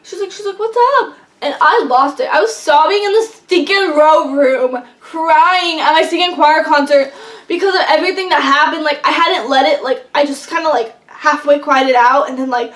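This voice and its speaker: A young woman vlogger telling a long story in casual chat, rambling and excitable with lots of fillers. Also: high voice, normal speed. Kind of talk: casual storytelling while eating. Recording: echoey room, mic at a distance.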